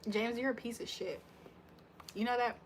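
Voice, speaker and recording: A young woman hosts a casual livestream, reading chat and talking loosely with her viewers while joking and laughing often. Her voice is fairly high with fairly even intonation, her pace is moderate, and the recording carries a little hiss or hum.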